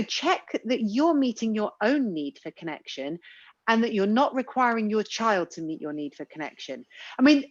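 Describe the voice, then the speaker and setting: A candid woman co-hosting a relaxed parenting chat, joking and thinking out loud. Her voice sounds dry and close, with a dull, lo-fi tone. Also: mid-range voice, no room sound. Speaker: podcast co-host. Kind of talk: casual chat.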